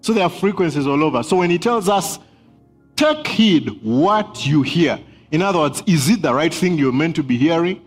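A man's voice: a little high, expressive, moderate pace, faint music behind. A man preaching a sermon as pastor, emphatic, repeating key phrases and laughing between points.

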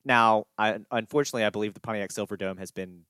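A man co-hosting a sports podcast, rambling and animated with chuckles. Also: fairly low pitch, fast, smooth, no room sound. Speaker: podcast co-host. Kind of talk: casual sports chat.

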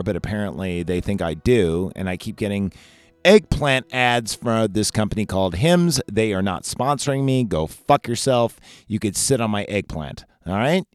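Profane, excitable podcast host. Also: male voice, lowish voice, dry recording. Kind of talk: casual movie ranking chat.

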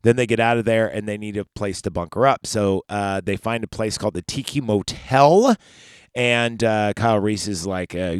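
Low-voiced profane podcast guy. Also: normal speed, smooth, no echo, clean studio sound. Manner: rambling, profane, sarcastic. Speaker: podcast host. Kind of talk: casual movie recap.

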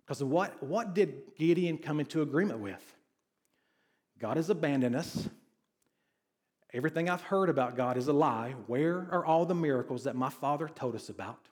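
A man's voice: a little high, lively intonation, moderate pace. A male pastor preaching a conversational sermon who reads scripture and keeps asking his congregation questions. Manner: conversational, asks the congregation questions, sarcastic asides.

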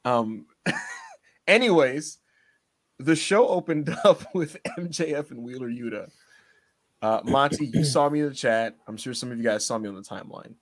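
A man co-hosting a casual wrestling podcast, joking, animated and laughing often. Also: medium pitch, moderate pace. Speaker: podcast co-host.

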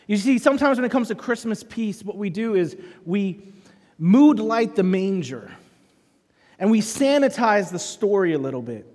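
A man's voice: sits high, normal speed. A man preaching a sermon as pastor, telling stories and acting out the dialogue in them. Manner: animated storytelling, acts out dialogue. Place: church auditorium. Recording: long hall reverb.

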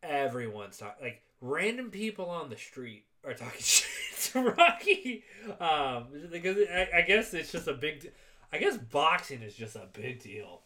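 Male podcast co-host, animated and profane, bright sharp tone, fairly high. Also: normal speed. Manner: excitable, profane, acts out quotes. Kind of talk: casual movie recap chat.

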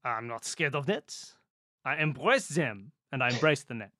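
A man's voice: mid-range voice, expressive, moderate pace, sharp tone, dry recording, clean studio sound, pitched below the performer's own voice. A man voicing a character with a put-on French accent, playfully hamming it up and slipping French words into his English. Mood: hammy.

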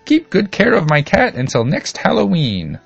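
A man voicing an excitable old witch woman in a storybook reading, pushing his voice high and strained. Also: moderate pace, creaky, breathy edge, highs cut off, heavily acted. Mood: calling out.

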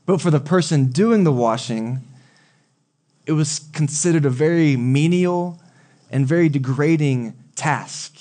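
A male pastor preaching a sermon in a relaxed, conversational way, often asking the congregation questions. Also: on the high side, measured pace. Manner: conversational, asks the audience questions.

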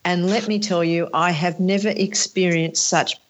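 A woman with a fairly low voice chats on a casual panel. She talks enthusiastically and loves telling a story. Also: fairly even intonation, normal speed, a little hiss or hum. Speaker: event organizer.

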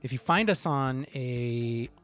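A man's voice: mid-range voice, slow pace, a bit bright, smooth, soft background music. A man co-hosting a podcast, thanking listeners in an appreciative, chatty way. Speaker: podcast co-host. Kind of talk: casual podcast sign-off.

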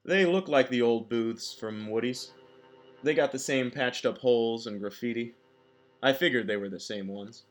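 A man's voice: mid-range voice, normal speed, faint music behind, lightly acted. Man voicing a whiny sleazy suspect. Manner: whining, groaning, confessional. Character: whiny sleazy male suspect under arrest.

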